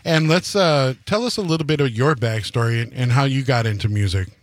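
A man's voice: mid-range voice, a little fast, dry recording. A man co-hosting a live radio show, guiding guests with friendly questions. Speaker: radio co-host. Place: radio studio.

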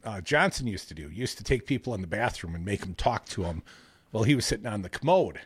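A man co-hosting a casual news chat, reading out stories and adding animated, jokey asides. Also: on the low side, quick pace, husky, dry recording. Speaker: podcast co-host.

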